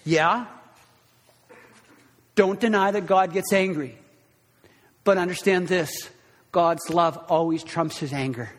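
A man pastor delivering an impassioned sermon. His voice sits high and swings from loud bursts down to hushed lows. It rings out with a long hall reverb.

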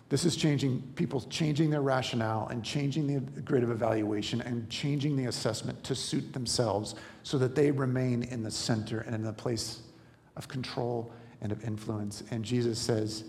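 A man preaches a sermon at an even middle pitch, earnest and explanatory, circling back on words as he works toward each point. His voice rings with the long reverb of a large church hall. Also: moderate pace. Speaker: pastor.

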